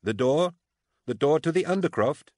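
A man's voice: on the low side, steady tone, fast, no echo, clean studio sound, voice pushed up, natural voice. A male narrator voicing a cool-headed woman who leads a crowd of refugees, calling out urgently.

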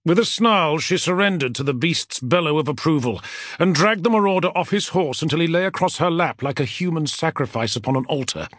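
A man reading a fantasy novel aloud as an audiobook narrator, with a dramatic, expressive delivery. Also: fairly high pitch, fairly quick, no room sound, clean studio sound.

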